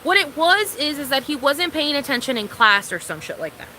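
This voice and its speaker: A woman's voice: high-pitched, big pitch swings, brisk, bright, forceful tone, slight background noise, rough recording. A young woman streaming a casual, rambling, profane chat with her viewers, calling them girl.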